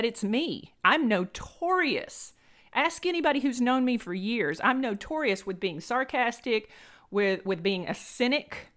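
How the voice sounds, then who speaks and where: A woman's voice: mid-range voice, a bit bright. A middle-aged woman hosting a podcast, giving an earnest motivational monologue and repeating phrases for emphasis. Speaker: podcast host.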